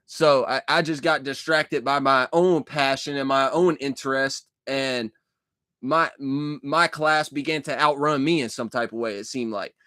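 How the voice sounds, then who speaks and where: A man's voice: mid-range voice, steady tone, unhurried, sharp tone, no room sound. A young man telling a long dream story in a casual, rambling way, swearing often, repeating himself and restarting his sentences. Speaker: vlogger recounting a dream.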